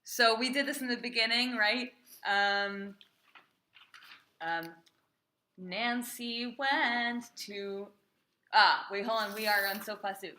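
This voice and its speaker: Brief: female cantor leading a class, unhurried delivery, bright tone, sings short examples. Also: a little high, fairly even intonation. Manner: chatty and encouraging, often asks "right?", sings trope phrases slowly. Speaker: cantor teaching Torah reading. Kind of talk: informal small-group class.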